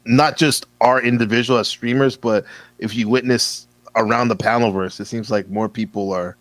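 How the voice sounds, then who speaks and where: A man hosting a casual online panel, relaxed and often chiming in to affirm the others. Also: mid-range voice, normal speed, no room sound, rough recording. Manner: relaxed, frequent affirming interjections. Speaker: panel host. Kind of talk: casual chat.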